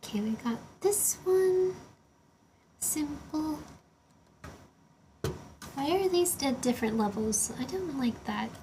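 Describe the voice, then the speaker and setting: A young woman chats away on a casual livestream in a high voice. She rambles and fills her sentences with loose filler words while building Lego between answers to chat. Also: expressive, moderate pace, hardly any pauses, warm tone, slight background noise. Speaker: streamer.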